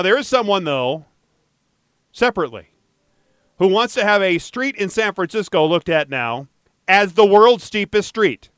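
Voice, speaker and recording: A man hosting a casual podcast, reading news items and riffing on them in an animated, jokey way. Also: on the high side, clean tone, dry recording, clean studio sound. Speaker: podcast host.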